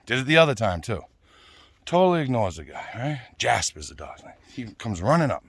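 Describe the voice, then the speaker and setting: Blunt ranting man, lively pitch. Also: brisk, slightly rough, no echo. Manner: blunt, swearing, repeats "right?" and "you know?". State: out of breath at times. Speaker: vlogger. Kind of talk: casual ranting monologue.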